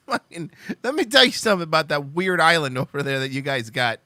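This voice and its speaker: A young man chats loosely with his live-stream viewers, rambling, swearing and laughing as he goes. His voice sits high and swings widely in pitch, with a bright edge. The sound is dry and close. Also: sing-song, brisk, dry recording. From Cuban heritage. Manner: rambling, profane, joking, laughs often. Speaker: livestream host.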